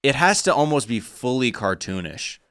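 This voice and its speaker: A man co-hosting a comedy podcast in casual chat, blunt and profane, firing off quick comic riffs. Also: medium pitch, very animated, a bit bright, dry recording, studio quality. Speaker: podcast co-host.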